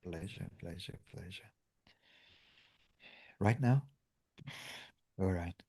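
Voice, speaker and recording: A man's voice: deep voice, slow, dark tone. A man, a meditation teacher giving a cheerful spiritual talk and laughing often.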